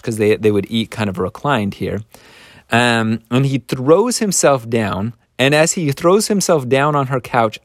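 Animated man retelling a Bible story. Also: medium pitch, no echo, clean studio sound. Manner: animated, chuckling asides, acts out quotes. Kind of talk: casual storytelling lesson.

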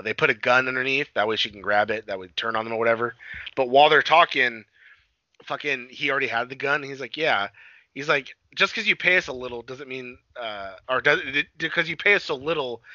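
Bright-voiced man recapping a movie casually. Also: mid-range voice, no echo, highs cut off. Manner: rambling, profane retelling with acted-out quotes. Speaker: podcast co-host.

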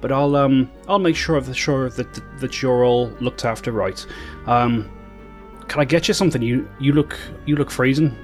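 Male GM voicing a fussy, hospitable motherly woman; fantasy game, she trips over her words, mid-pitched. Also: normal speed, darkish tone, faint music behind, close to an everyday voice. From Britain. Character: bustling motherly woman caretaker of two boys.

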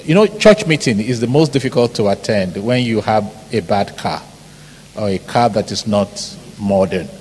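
A middle-aged Nigerian man from Ibadan with a Nigerian accent, a pastor preaching an animated sermon full of stories, mimicked shouts and laughter. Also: fairly low pitch, normal speed. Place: large church hall. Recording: hall reverb, faint background noise.

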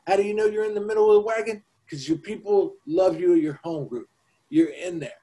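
High-voiced man preaching recovery talk. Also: fairly quick, mellow, poor audio. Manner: preachy, emphatic, swears casually. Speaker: podcast co-host.

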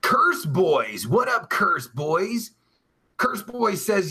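A man hosts a casual live stream, reeling off viewer names and crude, swear-filled asides. His voice sits high and bright with a husky grain. He talks slowly and his pitch leaps around as he goes. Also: very animated. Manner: rambling and heavily profane; jokey and crude. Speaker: podcast host.

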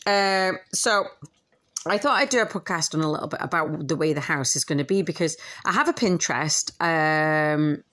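A woman's voice: deep voice, normal speed. A woman hosting her own podcast, talking candidly in a casual monologue, swearing and acting out quotes. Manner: candid, swearing, animated quoting with laughs. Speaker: podcast host and author. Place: at home with a dog nearby.

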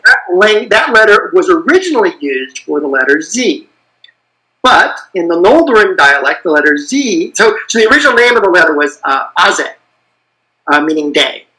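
A man's voice: sits high, sing-song, moderate pace, pushed and bright, low-quality recording. A man patiently explaining language details in a podcast conversation, with frequent "uh" fillers. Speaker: guest expert on invented languages.

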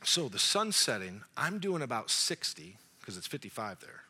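A man in his forties giving a sermon as a lively storyteller, cracking jokes and acting out both sides of the conversation. His voice is strikingly bright and forward, and it jumps around a lot in pitch. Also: normal speed, gravelly, slightly rough. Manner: animated, jokey storyteller, acts out dialogue. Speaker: young adult pastor.

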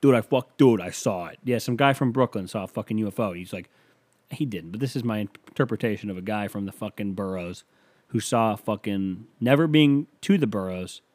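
A man's voice: fairly low pitch, fairly quick, darkish tone. A man hosting a solo comedy podcast, delivering a rambling, sarcastic monologue full of swearing. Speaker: podcast host.

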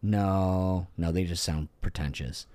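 A man's voice: low voice, slow pace, dry recording. A man in his thirties co-hosting a podcast, telling stories in casual chat, swearing freely and laughing often. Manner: profane, laughs often, animated storytelling. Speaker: podcast co-host.

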